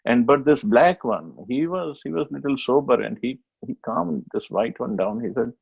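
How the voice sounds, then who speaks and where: A man giving a devotional scripture class, telling a story plainly with many pauses and restarts. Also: mid-range voice, vocal fry, breathy edge, dull audio.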